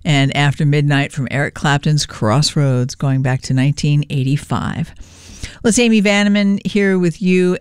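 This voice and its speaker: A woman radio DJ announcing songs and station news in a relaxed, chatty way, fighting a cough and stumbling a little. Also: sits low, clean tone, no room sound, studio quality. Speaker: radio DJ and host. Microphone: studio microphone.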